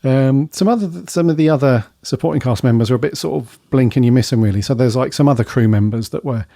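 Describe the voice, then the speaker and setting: Male podcast co-host, mellow voice, dry jokey asides, close dry sound. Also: medium pitch, quick pace, creaky, dry recording. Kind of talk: casual review chat.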